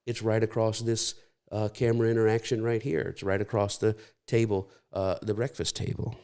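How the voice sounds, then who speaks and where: Low-voiced man preaching, storytelling style. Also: little pitch movement, moderate pace, mellow, smooth. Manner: storytelling, conversational with many restarts. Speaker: pastor. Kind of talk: sermon.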